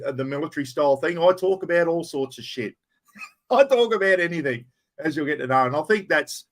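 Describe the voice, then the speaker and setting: A man's voice: a little high, fairly bright tone. A middle-aged man with an Australian accent, hosting a casual live chat, greeting viewers by name and swearing in an easy way. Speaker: livestream host. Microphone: plugged-in microphone.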